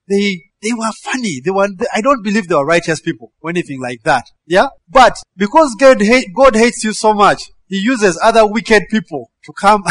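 A man preaching a sermon, animated, breaking into shouted quoted commands and laughing between verses. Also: high voice, no echo.

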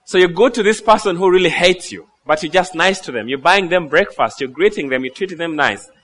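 A man preaching a sermon, animated, telling stories and laughing at his own jokes. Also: sits high, fairly quick. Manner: acts out quoted voices in asides. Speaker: pastor.

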